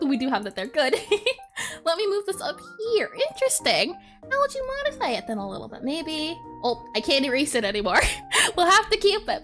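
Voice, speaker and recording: A woman's voice: sits high, a bit bright. A woman streaming as she draws, chatting casually, reading chat aloud and giggling often. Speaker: art streamer. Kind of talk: casual live-stream chat while drawing.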